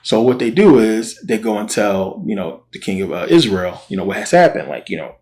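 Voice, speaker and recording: A man's voice: lowish voice, brisk. A man casually retelling a Bible story in slangy speech, acting out what the characters say. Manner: slangy, animated quoting of characters.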